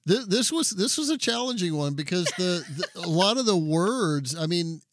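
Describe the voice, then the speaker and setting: A man hosting a podcast, narrating a story expressively and then chatting about it, with halting restarts. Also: sits high, animated, slight background noise. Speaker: podcast host and story reader. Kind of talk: story narration and casual chat.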